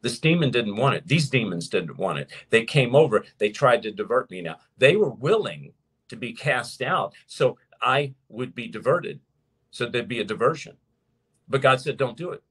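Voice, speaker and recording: A man preaching and teaching to his viewers as host of his show, emphatic, slowing down to stress points. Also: mid-range voice, breathy edge. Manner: animated and emphatic, slows down to stress key points. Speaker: preacher hosting a live show. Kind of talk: sermon-style teaching to a live audience.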